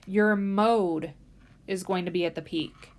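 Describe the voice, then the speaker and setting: A woman's voice: fairly low pitch, fairly even intonation, slow. Woman lecturing with frequent ums. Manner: explanatory, many "um" fillers, stresses key words. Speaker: statistics instructor. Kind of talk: recorded lecture.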